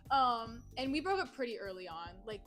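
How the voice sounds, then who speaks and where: A woman's voice: on the high side, very animated, normal speed, music in the background. A young woman chatting casually on a podcast, telling a story with lots of giggles and quoted voices. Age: young adult. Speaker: podcast guest. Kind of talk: casual chat.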